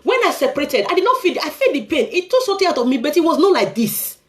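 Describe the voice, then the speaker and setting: A woman's voice: sits high, sing-song, quick pace. A Nigerian woman sharing a painful personal story as a heartfelt testimony, pleading and preacherly as she urges listeners to forgive.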